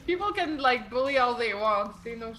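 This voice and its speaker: A woman's voice: a little high, animated, moderate pace, pushed and bright, slight background noise, rough recording. A woman playing a tabletop role-playing game, chatting and giggling with the group. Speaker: player. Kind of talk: casual game-table chat.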